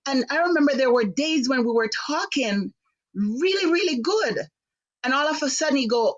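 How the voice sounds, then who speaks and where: A middle-aged woman from Jamaica, hosting a live online talk show, recounts a family story at length. Her voice sits fairly high and swings widely as she quotes people and grows indignant. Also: normal speed. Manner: animated, acts out voices in quotes, rising to sharp indignation. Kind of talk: personal storytelling on a live stream.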